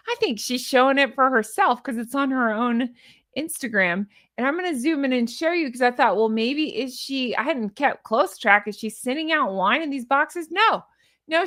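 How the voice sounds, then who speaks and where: Woman ranting casually to camera, kinda high voice, snarky and rambly. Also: a bit bright. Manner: chatty, sarcastic, scoffing asides; rambling with restarts and laughs. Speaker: commentary vlogger. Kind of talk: casual opinion commentary.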